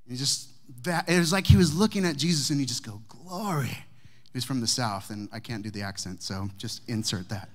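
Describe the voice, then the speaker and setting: A man preaching, a pastor telling a personal story to his congregation with humor and warmth of delivery. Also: mid-range voice, fast talker, few pauses. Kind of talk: sermon storytelling. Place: church sanctuary with congregation.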